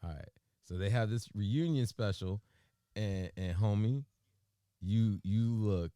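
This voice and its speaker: A man co-hosting a morning radio show, bantering and joking with an animated, emphatic delivery in a studio. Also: fairly low pitch, slow pace, smooth, no echo.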